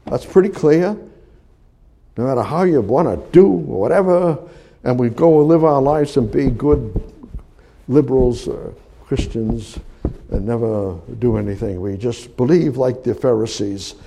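A man preaching a sermon, reading scripture aloud and commenting on it, swinging from loud emphatic rises to hushed near-whispers. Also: mid-range voice, creaky. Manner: reads scripture aloud and comments between verses.

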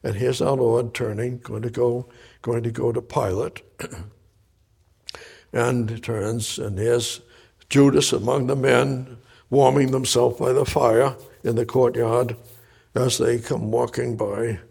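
A man preaching, reading scripture verse by verse and explaining it, moving between loud emphatic bursts and hushed quiet passages. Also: medium pitch, steady tone, takes it slowly, vocal fry, husky. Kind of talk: verse-by-verse Bible teaching.

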